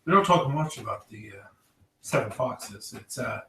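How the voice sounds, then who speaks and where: A man voicing a proud female dwarf barkeep with a merchant's outlook, in a halting way full of fillers. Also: medium pitch, animated, a bit bright, lightly acted. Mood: matter-of-fact. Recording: roomy, distant mic, faint noise.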